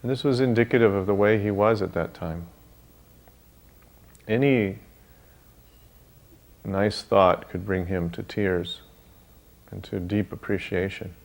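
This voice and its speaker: Low-voiced older man, hesitant memories. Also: measured pace, creaky, pauses often. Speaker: devotee sharing memories. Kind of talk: reminiscing interview.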